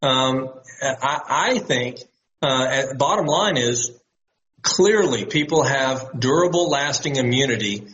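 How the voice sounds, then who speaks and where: A male doctor speaking as a guest in an interview, in a steady, measured way. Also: mid-range voice. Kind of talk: interview talk. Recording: dull lo-fi line with faint hiss.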